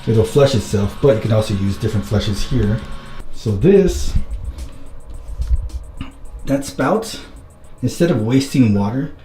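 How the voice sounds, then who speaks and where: A man giving a casual vlog tour of a rental house, keeping his voice hushed and low-key so he doesn't wake anyone. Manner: hushed, low-key, trying to stay quiet. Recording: roomy indoor sound with background music.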